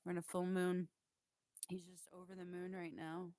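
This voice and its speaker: Woman medium relaying spirit messages, lowish voice, halting and emotional, dry close sound. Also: monotone, dark tone, dry recording. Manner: emotional, hesitant, many fillers and restarts. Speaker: psychic medium. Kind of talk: spiritual channeling monologue.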